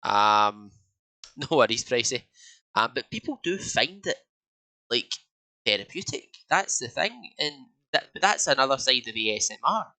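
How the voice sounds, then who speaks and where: A man's voice: mid-range voice, very animated, unhurried, sharp tone, rough recording. A young Scottish man co-hosting a casual podcast, rambling with many fillers and restarts. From Scotland. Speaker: podcast co-host. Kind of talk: casual chat.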